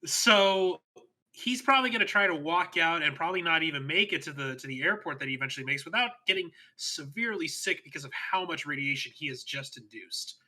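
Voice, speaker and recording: A man's voice: a little high, animated, brisk, sharp tone, poor audio. A man co-hosting a podcast, earnestly explaining a point in casual talk. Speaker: podcast co-host.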